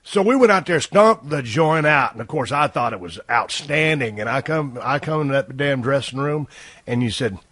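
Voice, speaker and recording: A man telling rough, profane, animated stories in a casual podcast chat. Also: mid-range voice, normal speed. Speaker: podcast host. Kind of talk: casual storytelling conversation.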